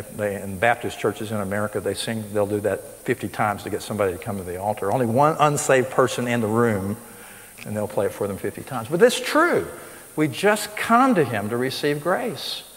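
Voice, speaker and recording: A man's voice: lowish voice, lively intonation, normal speed. Guy preaching healing seminar, punchy emphatic delivery, big hall reverb. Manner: emphatic, rising to stress points. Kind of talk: sermon. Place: school hall with live audience. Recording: long reverb of a large hall.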